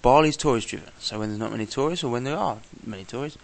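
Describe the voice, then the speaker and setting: A man's voice: medium pitch, fast talker, gravelly. A man talking casually in a travel vlog, exasperated and swearing, often imitating the people he met. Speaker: traveller vlogger.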